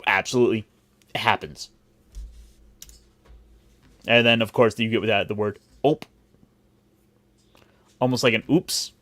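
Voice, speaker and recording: A podcast host from Cleveland, who grew up there and in Puerto Rico, chats casually in a rambling, jokey way, interrupting and restarting himself. His voice is lowish and fairly bright, he takes it slowly with long pauses, and the recording is dry.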